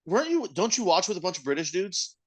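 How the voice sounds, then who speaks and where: A man's voice: high voice, big pitch swings, quick pace. A man co-hosting a podcast in casual chat, blunt and profane, speaking with emphasis. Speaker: podcast co-host.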